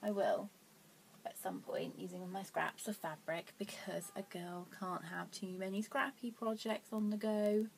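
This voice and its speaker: Here a young knitting podcast host chats through her casual vlog in a mid-range, creaky voice at a moderate pace, keeping her tone steady and rarely pausing. She rambles and makes self-deprecating remarks, at times dropping nearly to a whisper, over slight background noise.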